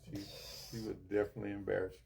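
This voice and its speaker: An older man speaks in a low, gravelly voice, relaxed and unhurried in a casual chat. He answers mostly with short agreeing replies and chimes in with brief remarks. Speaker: guest.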